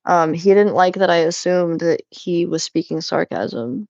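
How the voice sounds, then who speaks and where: A woman's voice: fairly low pitch, fairly even intonation, a little slow, creaky, a little mellow, dry recording, dull audio. A young woman vlogging casually as she sorts things at home, talking in a rambling, chatty way, cutting herself off and laughing often. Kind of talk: casual chat while cleaning.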